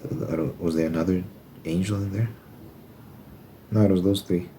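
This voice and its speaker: A young man with an extremely deep, low voice rambles loosely in a casual ASMR chat, dropping the occasional swear word. Clear noise sits under the recording, with tapping and shuffled cards behind him. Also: fairly even intonation, moderate pace, mellow. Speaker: ASMR creator. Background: tapping and card shuffling noise.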